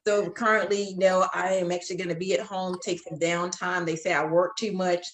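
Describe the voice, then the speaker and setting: A woman's voice: lowish voice, flat delivery, brisk, reverberant, slight background noise. A middle-aged woman speaking as a guest in a casual panel discussion, in a conversational way.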